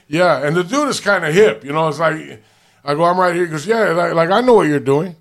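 A man's voice: a little high, a little fast. A man from Los Angeles telling a story in casual, profane street slang, rambling with restarts. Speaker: podcast co-host.

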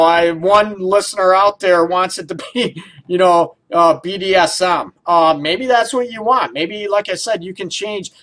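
Guy hosting a radio talk show, rambly and giggly, voice a bit on the high side. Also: fairly bright tone. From Detroit area. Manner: playful, laughs often, loose rambling questions. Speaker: radio show host, counselor. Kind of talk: casual talk radio, chatty.

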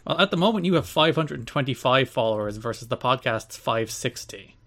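A man's voice: mid-range voice, expressive, fairly quick, a bit bright. A young man co-hosting a podcast in casual banter, with a dry teasing wit and bits of mock outrage. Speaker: podcast co-host.

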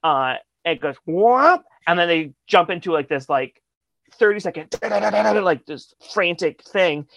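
Animated man telling a story, dry sound. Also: on the high side, measured pace, gravelly, dry recording. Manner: animated, swearing, laughing often. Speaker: guest musician. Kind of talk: casual storytelling.

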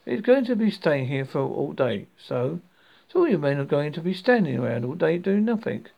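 A man reading aloud plays a coolly persuasive schemer who lays out his reasoning patiently, a touch higher than the narration. The voice has a gravelly edge throughout. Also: big pitch swings, normal speed, lo-fi sound, exaggerated voice. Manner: patient, smoothly reasonable, slightly raised pitch. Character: calm, persuasive man talking his way round an official.

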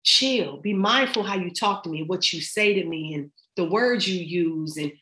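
A woman's voice: lowish voice, normal speed, pushed and bright. A middle-aged woman talking as a podcast guest in casual chat, emphatic and slangy as she gives advice. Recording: roomy echo.

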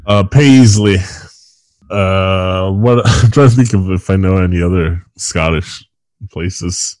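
A very deep-voiced man co-hosting a podcast, talking loosely and profanely with frequent laughs. His voice sits very low and steady. It is recorded close and dry, with no room sound. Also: takes it slowly, dry recording. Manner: rambling, profane, laughs often. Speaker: podcast co-host. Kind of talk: casual chat about a film.

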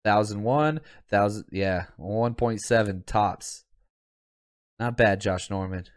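Animated man hosting a football livestream. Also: fairly low pitch, slow, smooth. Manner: animated, chatty, laughs often. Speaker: podcast host; teacher and football coach. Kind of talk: casual livestream chat.

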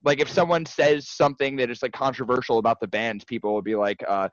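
A man co-hosting a casual podcast chat, excitable and profane, rambling with lots of restarts. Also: mid-range voice, fairly quick, few pauses, no room sound, dull audio. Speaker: podcast co-host.

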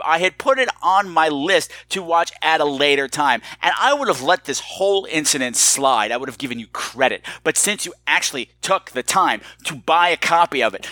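Animated, bright-voiced male podcast host. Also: on the high side, no room sound. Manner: animated and theatrical, mock-menacing. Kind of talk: solo podcast monologue.

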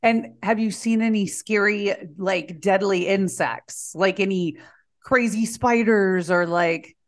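Woman, mid pitch, playful, teasing, casual podcast chat. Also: takes it slowly. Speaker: podcast co-host.

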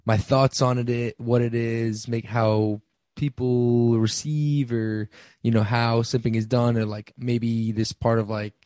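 A man's voice: mid-range voice, level tone, unhurried, darkish tone, no echo. A young man in his twenties hosting a casual solo podcast, talking with many ums and restarts. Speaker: podcast host.

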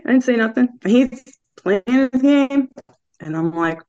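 A woman's voice: on the high side, normal speed, long pauses. A woman guest with a regional American accent telling a story in casual chat, laughing and acting out quotes. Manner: chatty, laughing, quotes people in lively voices. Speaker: podcast guest. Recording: dull lo-fi sound.

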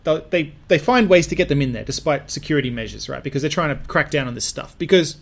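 Brief: male podcast co-host, slightly high voice, loose rambling delivery full of fillers and laughs. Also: animated, fast. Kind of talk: casual comedy chat.

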